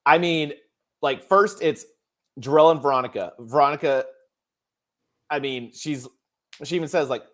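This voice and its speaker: A man hosting a casual podcast chat, expressive and emphatic, often laughing. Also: on the high side, normal speed, pauses often. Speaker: podcast host.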